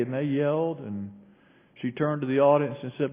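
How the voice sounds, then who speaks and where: A male pastor preaching a sermon, telling a story and shifting between raised bursts and quiet low passages. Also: normal speed. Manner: storytelling with sudden raised quoted shouts and quiet drops. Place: large church sanctuary. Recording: echoey hall on a tinny phone-like line.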